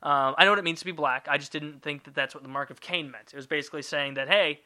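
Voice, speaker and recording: A man's voice: a little high, steady tone, quick pace, bright, forceful tone. A man hosting a podcast, retelling a story in a profane, irreverent and rambling comedic way. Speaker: podcast host.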